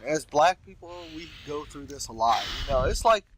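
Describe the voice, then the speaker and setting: A man's voice: a little high, animated, moderate pace. A man hosting a reaction video, cutting in with earnest comments.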